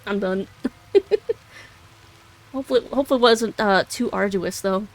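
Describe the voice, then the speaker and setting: A woman's voice: mid-range voice, moderate pace. A young woman streaming a video game, chatting casually and giggling often as she rambles and corrects herself. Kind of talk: casual gaming commentary.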